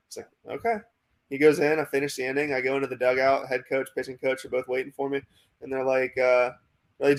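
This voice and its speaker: Young american guy telling a story, pretty monotone, lots of likes and ums. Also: medium pitch, fairly quick. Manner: rambling, many fillers like "like" and "um". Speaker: minor league pitcher, guest. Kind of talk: casual interview storytelling.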